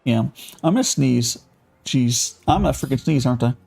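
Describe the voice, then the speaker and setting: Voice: medium pitch, animated, moderate pace, creaky, darkish tone. A live-streamer reading quest text aloud and stopping to react to viewer chat, with fillers and restarts.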